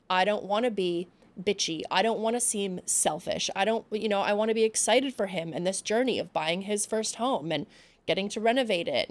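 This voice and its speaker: Candid, cussing woman podcast host. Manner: candid, swears freely, acts out quotes with big pitch jumps. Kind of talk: casual storytelling monologue.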